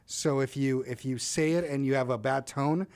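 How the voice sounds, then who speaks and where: A man's voice: medium pitch, fairly even intonation, moderate pace, a little mellow, clean tone. A man speaking emphatically as a guest in a casual panel chat, often repeating words as he gets going.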